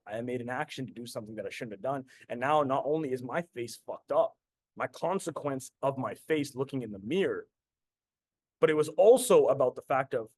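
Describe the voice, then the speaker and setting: Over a recording with no echo, a man with a medium-pitched voice shares a personal story. He's a Canadian podcast host and business coach in his thirties, motivational, intense, repetitive, and freely profane.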